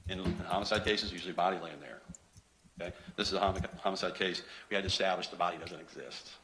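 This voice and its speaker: A man's voice: deep voice, fairly even intonation, fast, pushed and bright, a little hiss or hum. A man giving a courtroom closing argument to a jury as a prosecutor, emphatic and sarcastic, firing off rhetorical questions.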